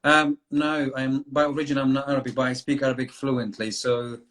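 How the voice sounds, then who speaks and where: Chatty English teacher, Kurdish native speaker. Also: male voice, mid-range voice, level tone, a little fast, fairly bright tone. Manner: rambling, filler-heavy, friendly advice-giving. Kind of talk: live online chat.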